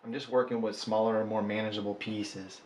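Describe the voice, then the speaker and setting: Talking fairly quickly in a lowish, slightly mellow voice with little pitch movement, a man sculpts polymer clay and rambles casually, joking at his own expense. The room is echoey, with faint ambience.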